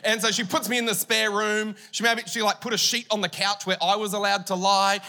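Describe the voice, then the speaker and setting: A young Australian pastor preaches, spinning a story with comic asides to his congregation. His voice sits high, with a bright tone. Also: level tone, a little fast. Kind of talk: humorous sermon.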